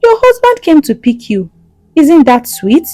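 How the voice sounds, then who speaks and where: A woman voicing a calm female friend who coaxes gently. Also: high voice, measured pace, no room sound, faint music behind, pitched above the performer's own voice. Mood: soothing. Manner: soothing, gently coaxing.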